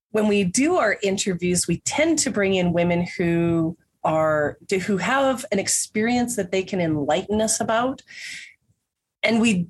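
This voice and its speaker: A woman's voice: mid-range voice, husky. Stuffy-voiced woman chatting on a podcast. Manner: rambling, many restarts and small laughs. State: stuffy nose from a cold. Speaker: podcast guest. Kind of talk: casual interview chat.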